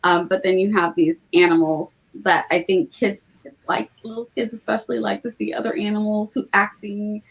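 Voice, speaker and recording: A woman's voice: mid-range voice, level tone, normal speed, husky. A woman co-hosting a casual book podcast, chatting loosely with frequent fillers. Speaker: book club co-host. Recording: slightly dull lo-fi audio.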